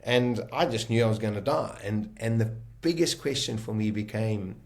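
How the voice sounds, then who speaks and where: A middle-aged man from South Africa, recounting a personal ordeal in a vivid, animated conversational way with frequent restarts. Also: fairly low pitch, moderate pace. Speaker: guest telling his story. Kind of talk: conversational storytelling.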